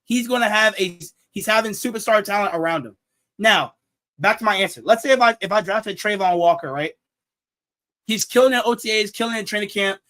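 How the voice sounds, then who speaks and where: A young man with a high voice hosts a casual sports talk show. He jokes, laughs at his own jokes and repeats his words as he goes. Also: fairly quick, bright, forceful tone. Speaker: show host.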